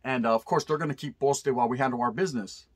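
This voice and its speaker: Husky-voiced man telling a rough story. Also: mid-range voice, fast talker. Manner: animated, profane, heavy street slang. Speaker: storyteller vlogger. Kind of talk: casual storytelling.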